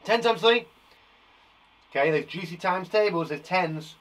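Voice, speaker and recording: Teacher, male, slightly high voice, playful and encouraging, live kids' maths lesson. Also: unhurried, fairly bright tone. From England. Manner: playful, encouraging, chats to viewers by name. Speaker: primary school teacher. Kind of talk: live online maths lesson for young children.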